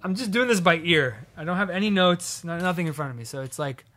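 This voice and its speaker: A man's voice: high voice, animated, fast, fairly bright tone. A man live-streaming from his home studio, chatting casually at the piano and reading out viewer comments. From Massachusetts.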